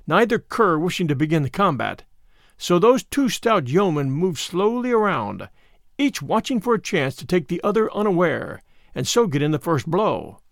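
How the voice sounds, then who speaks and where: A man narrating an old adventure story with a high, lively voice. His storytelling stays animated throughout. The recording is close and dry. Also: moderate pace, creaky, dry recording. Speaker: audiobook reader.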